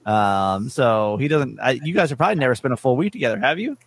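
A woman's voice: extremely low pitch, animated, quick pace, slightly rough. A woman hosting a podcast, chatting casually and teasing her co-host. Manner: teasing, playful.

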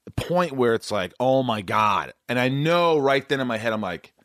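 A man with a New York accent, talking loudly and in a rambling, self-interrupting way as host of a casual conversation. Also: mid-range voice, lively intonation, fairly quick, smooth, no echo, studio quality.

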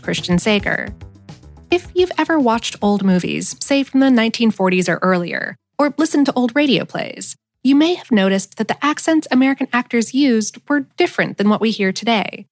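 A woman hosting a podcast, reading a scripted intro and credits in a brisk, friendly manner. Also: a little high, no room sound. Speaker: podcast host.

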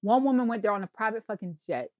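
A woman's voice: mid-range voice, animated, quick pace, no room sound, muffled recording. A woman co-hosting a podcast, ranting in casual conversation, emphatic and profane. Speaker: podcast co-host.

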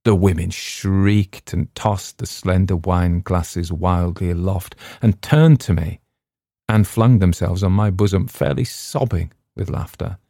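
A man reading a classic story aloud in a measured, dramatic first-person narration. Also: low voice, creaky, warm tone, dry recording, studio quality. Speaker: audiobook narrator.

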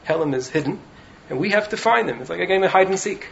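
Speaking quickly in a high, creaky voice, a rabbi teaching in a yeshiva delivers a lively Torah lesson to students, his voice a little raised. He keeps asking "right?" to check they're with him. Faint noise sits under the muffled, lo-fi audio.

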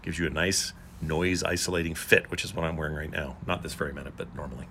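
A man's voice: extremely low pitch, steady tone, fast talker, few pauses, bright, forceful tone, a little hiss or hum. A man in his fifties co-hosting a podcast in casual chat, joking and rambling with puns. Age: 50s. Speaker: podcast co-host.

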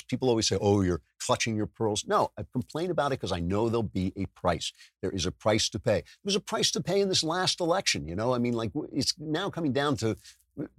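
Recorded dry with studio quality, this male podcast host speaks in a mid-range voice. His political commentary drips with sarcasm, and he keeps restarting and correcting himself while animatedly imitating other people's voices.

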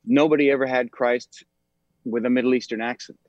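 A man's voice: mid-range voice, fairly even intonation, brisk, no echo. Guy in his 40s chatting as a guest, lots of ums, kinda dull lo-fi audio, dry. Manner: thoughtful, many ums and restarts. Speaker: actor, podcast guest. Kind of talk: casual interview conversation. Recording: dull, slightly lo-fi sound.

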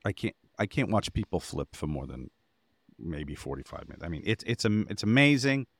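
A man's voice: low-pitched, very animated, a little fast, a bit bright, no echo. A man co-hosting a podcast, telling a rambling anecdote in casual chat and getting exasperated as he goes. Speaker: podcast co-host.

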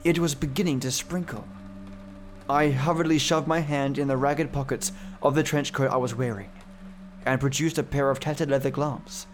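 A man reading a first-person horror story aloud in a measured, somber way. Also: mid-range voice, fairly even intonation, a little hiss or hum. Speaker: narrator. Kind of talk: scripted horror narration. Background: faint music.

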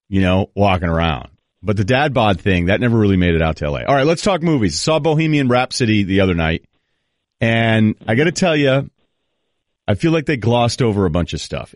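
A man's voice: medium pitch, no room sound, studio quality. A man hosting a talk show, chatting loosely and joking with his guest. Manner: easygoing, joking, trails off and restarts. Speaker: host. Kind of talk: casual chat.

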